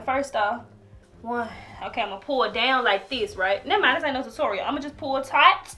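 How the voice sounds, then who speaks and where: A woman's voice: high voice, lively intonation, brisk, sharp tone. A woman talking casually in a home vlog, dramatic and laughing, often crying out that she is scared. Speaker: vlogger.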